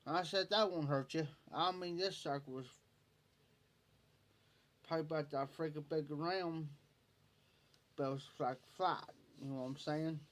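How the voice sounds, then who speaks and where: Late at night on his stream, a man from rural Ohio tells a folksy story and laughs along the way. His voice is fairly high and his speed normal, broken up by long pauses.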